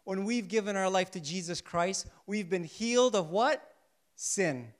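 A man preaching a sermon who keeps asking his listeners questions and answering them, drawing out his key points slowly and softly. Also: high-pitched. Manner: asks the congregation rhetorical questions and answers them; shifts between soft, slow emphasis and louder bursts.

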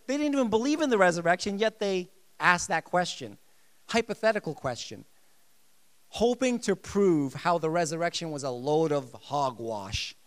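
A man preaching a sermon, emphatic and lively, repeating his key phrases. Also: high-pitched. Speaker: pastor.

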